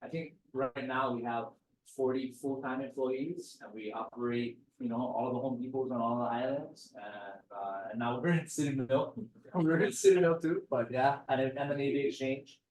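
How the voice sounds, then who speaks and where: A man's voice: mid-range voice, normal speed, distant mic. Middle-aged man, easygoing storyteller at a talk, a bit off-mic in an echoey room. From Hawaii. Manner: relaxed storyteller, animated quoted dialogue. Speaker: guest speaker. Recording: roomy sound, speaker off-mic.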